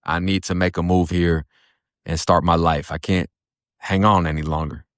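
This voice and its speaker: A very deep-voiced man tells his own hard story in blunt, profane street talk. The recording is dry and close, with no room around him. He now and then quotes other people in put-on voices. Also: fairly even intonation, normal speed, fairly bright tone, no room sound. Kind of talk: casual first-person storytelling.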